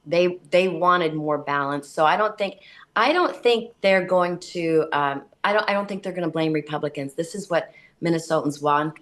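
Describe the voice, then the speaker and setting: Chatty low-voiced woman senator. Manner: chatty, animated storytelling. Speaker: state senator, guest. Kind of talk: casual radio interview.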